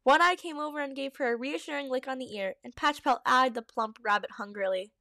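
A woman's voice: high-pitched, fairly quick, pushed and bright, dry recording, clean studio sound. A woman reading her old story aloud and stopping to comment, giggly and full of likes and ums. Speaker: fanfiction reader and podcaster.

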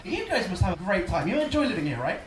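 High, lively English comedian on stage. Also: male voice, fast talker. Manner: playful, mocking the crowd. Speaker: stand-up comedian. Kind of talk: stand-up set. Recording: echoey club, distant mic, loud noise.

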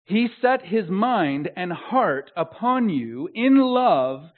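A pastor preaches, shifting between quiet, intimate phrases and loud, drawn-out declarations. His voice sits fairly high for a man. The recording is narrow and tinny, like a phone line. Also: sing-song. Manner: swells to loud emphatic proclamation, drops to soft intimacy. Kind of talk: sermon.

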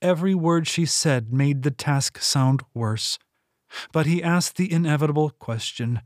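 Slow deliberate male audiobook narrator. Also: a little high, no echo, clean studio sound. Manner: steady, deliberate reading. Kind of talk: scripted narration.

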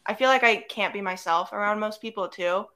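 A woman's voice: mid-range voice, brisk. A young woman co-hosting a podcast, chatting casually and acting out the lines of others as she tells her stories. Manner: animated storytelling, acting out quotes. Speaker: podcast co-host. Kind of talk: casual chat.

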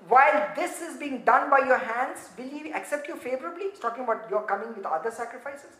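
A woman preaches with a high, bright-pitched voice, swinging from soft asides up to shouted lines and breaking into laughter along the way. Her voice rings around a roomy, echoing space. The delivery is lively and fervent. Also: a little fast. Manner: animated, building to shouts; laughs often while preaching. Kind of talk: sermon. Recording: roomy echo.

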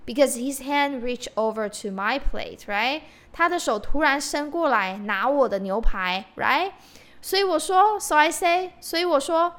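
Young woman teaching on a podcast, fairly high voice, goes over each word slowly. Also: expressive, fairly bright tone. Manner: repeats phrases slowly, explains word by word. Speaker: Mandarin teacher, podcast host. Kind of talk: bilingual language lesson.

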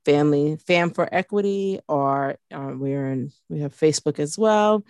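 A woman's voice: low voice, normal speed, clean tone, dry recording, clean studio sound. A middle-aged woman co-hosting a podcast in casual chat, chatty and full of fillers. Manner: chatty, full of fillers, animated when joking. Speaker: podcast co-host.

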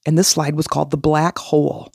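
A podcast host telling a personal story in an animated way, acting out the voices of people in it. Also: medium pitch, brisk, vocal fry, breathy edge, no room sound, clean studio sound. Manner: animated, acts out quoted voices.

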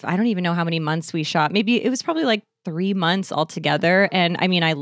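A woman with a fairly low voice, guesting on a podcast. She tells stories in a relaxed, joking way with playful asides. The sound is close and dry. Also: fast talker, no room sound. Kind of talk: casual chat.

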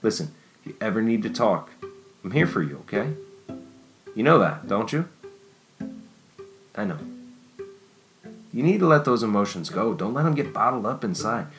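A man's voice: fairly low pitch, big pitch swings, normal speed, long pauses, soft background music. A man voicing a friendly, talkative young male pharmacist who coaxes and reassures his friend.

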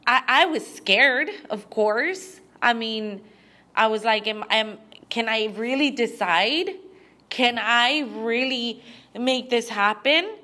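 A young woman hosting a podcast, talking through an emotional personal monologue in a halting way, full of restarts, close to tears. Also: fairly high pitch, pushed and bright. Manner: halting, with frequent restarts and fillers. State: teary. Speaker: podcast host.

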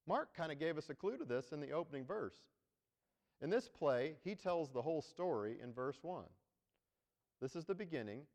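A man's voice: mid-range voice, a little mellow. A man preaching a sermon as pastor, talking to the congregation conversationally and checking in with "right?". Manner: conversational, tags points with "right?". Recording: long hall reverb.

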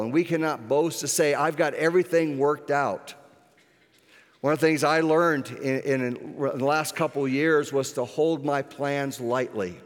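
Earnest preacher in an echoing hall. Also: male voice, mid-range voice. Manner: earnest, with restarts and slowed emphasis. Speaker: pastor. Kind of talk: sermon. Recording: echoey hall with long reverb.

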